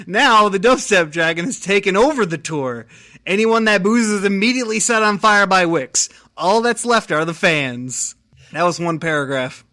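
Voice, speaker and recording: A man co-hosting a fiction podcast, loose and rambling with frequent giggles. His voice sits high for a man. It sounds bright and lively. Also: measured pace. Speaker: podcast co-host reading fiction. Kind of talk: casual chat and story reading.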